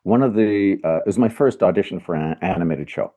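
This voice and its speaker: A man's voice: low-pitched, brisk, warm tone. An older man, a voice actor guest, answering interview questions in an earnest, reflective way, often searching for words.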